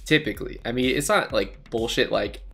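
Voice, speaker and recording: A man's voice: medium pitch, brisk, creaky, a bit bright, soft background music. Rambling young man in a joking stream chat. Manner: rambling, joking, acts out quoted dialogue. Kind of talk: casual chat.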